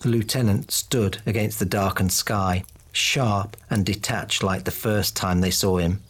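A man narrating a fantasy audiobook in a steady, even way. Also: fairly low pitch, measured pace, breathy edge.

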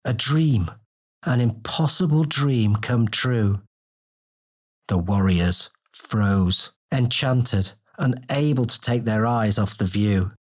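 A man narrating a fantasy audiobook in a steady, descriptive storytelling manner. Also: medium pitch, slow.

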